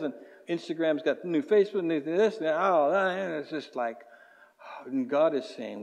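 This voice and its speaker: In a reverberant church hall, a pastor preaches conversationally, acting out everyday voices before leading a closing prayer. His voice is on the high side, expressive and creaky, at a moderate pace. The recording is muffled.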